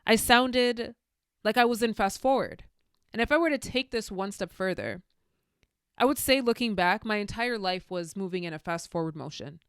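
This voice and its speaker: A woman's voice: mid-range voice, moderate pace, clean tone, dry recording, clean studio sound. A young adult woman hosting a solo podcast, speaking candidly and telling stories with spiritual musings. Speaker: podcast host. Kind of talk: reflective solo podcast monologue.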